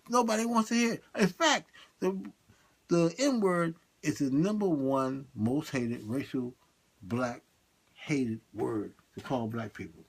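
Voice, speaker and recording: A man doing a comic monologue, swinging between high excited bursts and low muttered asides. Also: measured pace, breathy edge. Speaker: stand-up comedian.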